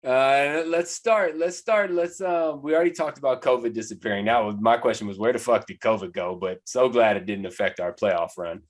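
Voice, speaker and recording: A man co-hosting a sports podcast in casual banter, quick with a joke. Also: mid-range voice. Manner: joking, animated banter. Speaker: podcast co-host.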